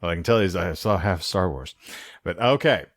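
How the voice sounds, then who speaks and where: A man's voice: low-pitched, lively intonation, brisk, dry recording. A man co-hosting a podcast, chatting casually and rambling through film plot recaps with lots of fillers. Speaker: podcast co-host. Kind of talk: casual chat about films.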